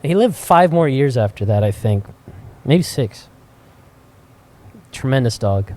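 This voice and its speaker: A man co-hosting a podcast, telling profane, animated anecdotes with frequent laughter in casual chat. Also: medium pitch, a little slow. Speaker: podcast co-host. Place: cigar shop.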